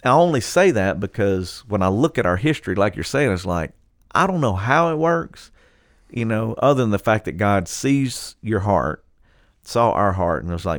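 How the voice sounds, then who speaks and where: A man, a pastor telling stories in casual talk, animated and quick to laugh as he acts out what people said. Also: on the low side, dry recording, studio quality. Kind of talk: casual podcast storytelling.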